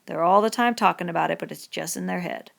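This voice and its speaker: A woman reading the part of a bitter, lonely middle-aged male stable hand in a rough rural dialect, in an audiobook. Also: lowish voice, fast. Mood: scornful.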